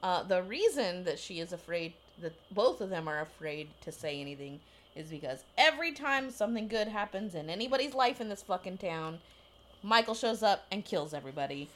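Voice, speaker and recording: A woman with a voice on the low side for a woman talks through a movie in a casual chat. She is wry and sardonic, swearing lightly as she explains. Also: big pitch swings, a little fast, a bit bright. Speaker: podcast co-host.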